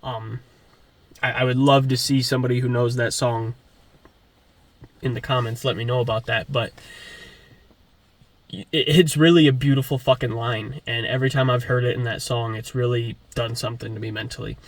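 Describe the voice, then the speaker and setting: A man's voice: medium pitch, flat delivery, normal speed. A young man giving an earnest motivational talk before his gym day, swearing and repeating himself for emphasis. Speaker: fitness vlogger. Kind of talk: motivational monologue.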